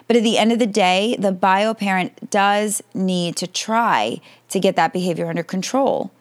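A woman's voice: mid-range voice, moderate pace. A woman in her forties hosting an advice podcast, answering listener questions in a direct, reassuring way.

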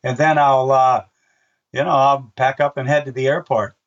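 A man's voice: medium pitch, steady tone, normal speed. An older man, a race announcer, telling stories in a casual interview, rambling with restarts and acting out voices in his anecdotes. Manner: rambling, with many restarts and fillers. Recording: dull, distant-sounding recording.

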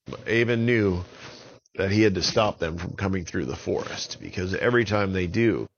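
A man telling a children's story in an unhurried, expressive way. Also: deep voice, dull audio, slight background noise.

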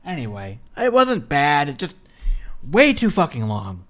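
Lively, cursing podcast co-host man. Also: on the high side, unhurried. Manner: profane, animated, mocks with put-on voices. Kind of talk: casual wrestling podcast chat.

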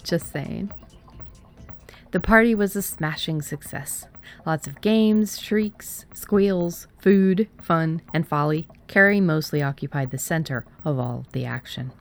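A woman's voice: low-pitched, measured pace, soft background music. A woman narrating a first-person Halloween mystery audiobook in a wry, playful manner.

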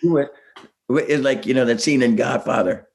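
A middle-aged man chatting as a guest, animated and laughing, slipping into quick voices as he tells stories. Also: mid-range voice. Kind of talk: casual chat, storytelling.

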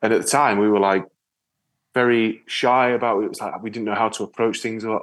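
An ocean rower from Yorkshire, England, is the guest in a casual interview chat, telling stories with lively, animated re-enactments. He has a low voice and talks fast.

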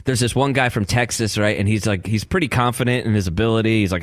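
Low-voiced male co-host telling stories. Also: quick pace, hardly any pauses, no echo, clean studio sound. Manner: rambling storyteller who acts out voices. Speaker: radio show co-host. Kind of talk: casual chat.

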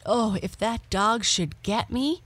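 A woman's voice: a little high, slow, a bit bright, no room sound, pitched above the performer's own voice. A woman voicing a young female black cat who is eager, chatty and adventurous in a storybook reading. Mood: frightened.

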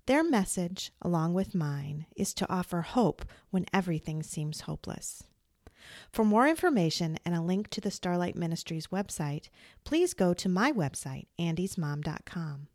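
Gentle woman hosting a podcast. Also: lowish voice, animated, moderate pace, no echo, clean studio sound. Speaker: podcast host. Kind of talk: interview podcast.

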